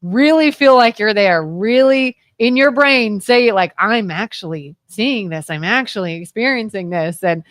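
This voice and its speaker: A woman co-hosting a local talk radio show, telling rambling, animated stories in casual chat. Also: medium pitch, moderate pace, few pauses, no echo, clean studio sound. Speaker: co-host.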